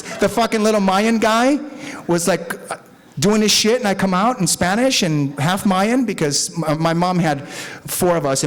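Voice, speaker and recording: A middle-aged man from Mexico, speaking at a recovery meeting in a profane, rambling, animated storytelling style before an audience. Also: a little high. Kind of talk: candid storytelling talk.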